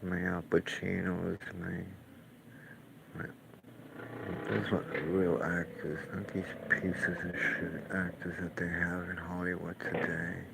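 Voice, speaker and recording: A man's voice: sits low, little pitch movement, takes it slowly, creaky, very noisy. A man who paints, ranting in casual, profane, scornful commentary while reacting to clips.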